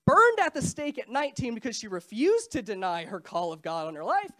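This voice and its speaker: A woman's voice: a little high, big pitch swings, fairly bright tone. Stuffy-nosed young woman preaching casually. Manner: chatty, self-deprecating, quick asides. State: stuffy, nasal from a cold. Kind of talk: casual sermon.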